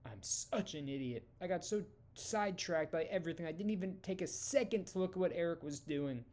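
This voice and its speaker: A man voicing a grieving middle-aged woman hero, raising his voice higher and pushing it hard. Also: expressive, fairly quick, darkish tone, lightly acted. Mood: distraught.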